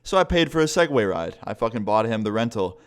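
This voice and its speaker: A man's voice: fairly low pitch, big pitch swings, fast, smooth. A young man vlogging a casual storytime, rambling and swearing a lot. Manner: rambling, profane, chatty.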